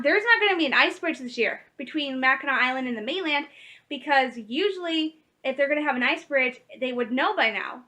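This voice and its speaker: Bright, high-voiced chatty woman. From Michigan, USA. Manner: rambling, chatty, laughs often, corrects herself mid-sentence. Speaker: vlogger. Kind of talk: casual vlog chat.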